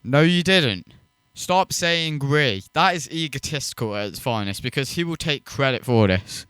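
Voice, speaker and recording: A man's voice: mid-range voice, animated, moderate pace, a bit bright, smooth, dry recording. A man hosting a reaction video, mocking and swearing as he rants in scornful commentary.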